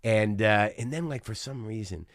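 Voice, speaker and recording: A man's voice: fairly low pitch, normal speed, dry recording, clean studio sound. A middle-aged man, a guest comedian, telling a story in casual chat with an intense, ranting, swearing delivery.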